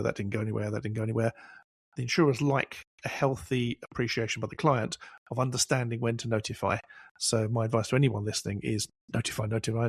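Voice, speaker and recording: A man's voice: medium pitch, no room sound. A man hosting a professional podcast discussion, telling anecdotes and driving points home with repetition. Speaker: podcast host.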